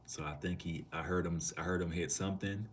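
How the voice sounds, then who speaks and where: A very deep, low-pitched man from Minneapolis talks loosely and casually on a live stream. He reads out comments from chat and answers them in relaxed slang. A faint hum of noise sits behind his voice. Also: a little fast.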